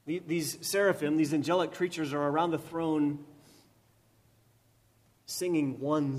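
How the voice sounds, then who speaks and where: A man preaching a sermon, swinging from loud emphatic repetition to quiet, slow lines, with touches of gentle humor. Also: a little high, steady tone. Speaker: pastor.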